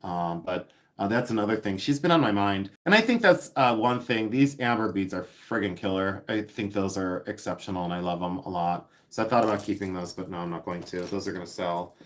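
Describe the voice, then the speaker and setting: A man's voice: low-pitched, expressive, a little fast. Chatty, giggly man hosting a live stream. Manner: chatty and giggly, reading viewer comments aloud; playful, repeats words for fun. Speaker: live-stream seller and host. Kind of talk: casual live-stream chat while unboxing.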